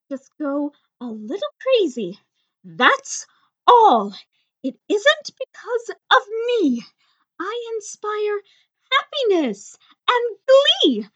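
Squeaky vain fairy ermine, as a man puts her on. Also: sharp tone, exaggerated voice. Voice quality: squeaky, very high falsetto. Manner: theatrical, wailing and overwrought. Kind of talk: comic storybook narration.

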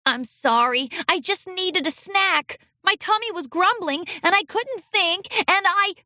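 A woman's voice: very high voice, unhurried, pushed and bright, no room sound, clean studio sound, voice pushed up, exaggerated voice. A woman voicing a nervous, stammering little boy unicorn colt in a storybook reading. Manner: stammering, timid.

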